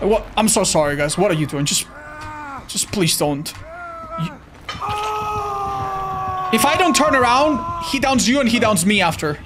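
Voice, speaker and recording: A man streaming live gameplay, commenting excitably, swearing often and talking to his chat. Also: high voice, measured pace, pauses often, over loud music. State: tired.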